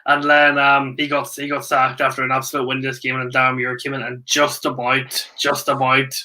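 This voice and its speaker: A man's voice: medium pitch, monotone, bright, forceful tone. A man on a football podcast, chatting casually and confidently rattling off facts. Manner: confident, quick to list facts. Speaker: podcast co-host.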